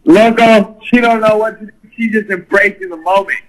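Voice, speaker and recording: A man's voice: high voice, steady tone, moderate pace, poor audio. A man telling a crude, profane party story in casual talk, full of swearing and laughter. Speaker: guest storyteller.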